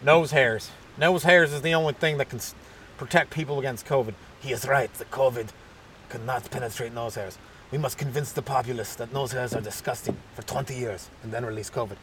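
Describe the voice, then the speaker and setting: A man voicing a pair of male lab scientists plotting in a low, hushed, scheming tone. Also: brisk, distant mic, a little hiss or hum, lightly acted.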